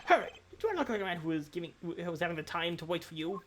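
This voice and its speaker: A woman's voice: lowish voice, big pitch swings, rapid-fire, slight background noise. A woman voicing an irritable, pompous older Frenchman in a put-on French accent, reading game dialogue aloud. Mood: impatient. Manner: indignant, haughty, stiff formal phrasing.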